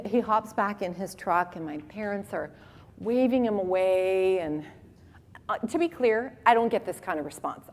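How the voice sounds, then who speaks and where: A woman in her forties giving a conference talk with animated, humorous storytelling. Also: medium pitch. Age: 40s. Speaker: conference speaker. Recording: long reverb of a hall.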